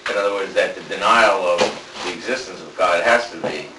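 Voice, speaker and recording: A man's voice: deep voice, brisk, roomy sound, distant mic, noisy background. A man in a Torah class who answers and follows up on the teacher's argument.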